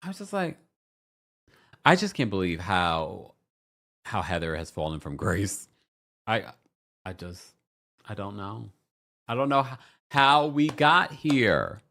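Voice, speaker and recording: Guy doing a gossipy reality tv recap, lively up-and-down voice, bit gravelly. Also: takes it slowly, long pauses. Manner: animated, gossipy, jumps into high mocking voices when quoting. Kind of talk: casual recap commentary.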